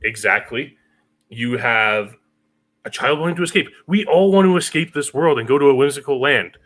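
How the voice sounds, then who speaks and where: A man's voice: mid-range voice, animated, moderate pace, a bit bright. A man co-hosting a podcast, talking about films in a casual, thoughtful way. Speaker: podcast co-host. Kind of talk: casual film discussion.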